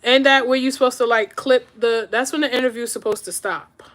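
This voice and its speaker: A woman's voice: a little high, fairly even intonation, a little fast, a bit bright. A woman in her thirties telling a story to camera in a casual, chatty way, checking in with her viewers as she goes. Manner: chatty, keeps checking in with "all right?" and "right?". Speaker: podcast host telling a story.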